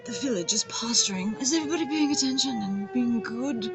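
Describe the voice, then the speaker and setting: A performer putting on a shrill, bossy town crier who scolds the villagers in a pompous, shouting voice. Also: expressive, fairly quick, vocal fry, loud music behind the voice. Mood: scolding.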